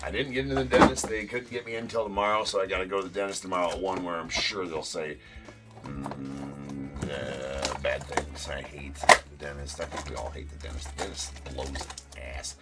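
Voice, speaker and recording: A man's voice: a bass voice, moderate pace, loud music behind the voice. A man hosting a live-stream card break, talking loosely and casually, swearing and then jokingly apologizing. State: sore tooth.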